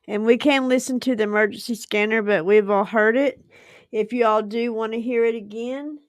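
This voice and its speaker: A woman's voice: fairly high pitch, steady tone, normal speed, no echo, studio quality. A woman, hosting a casual livestream and chatting effusively with frequent giggles. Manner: effusive and giggly, laughs often. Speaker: livestream host.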